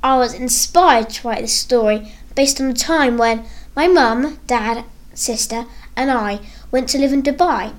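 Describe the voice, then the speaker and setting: A woman reading a first-person story aloud in an earnest, expressive way. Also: on the high side, a little slow. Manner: earnest, expressive read-aloud with acted quotes.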